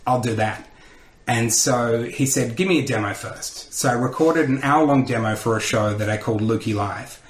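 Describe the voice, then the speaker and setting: A man, a comedian telling lively stories in a podcast interview and acting out the voices of people he quotes. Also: medium pitch, moderate pace, echoey room, a little hiss or hum. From Australia. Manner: animated storyteller who acts out quotes. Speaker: comedian and radio host, podcast guest. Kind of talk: casual interview storytelling.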